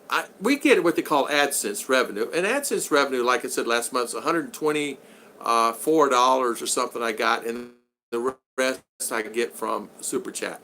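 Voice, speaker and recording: A middle-aged man hosts a casual live stream, chatting, laughing often and repeating his thanks to viewers. His voice is bright and forceful and sits a little high. A faint hum of noise runs behind him. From Florida. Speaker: live stream host reading super chats.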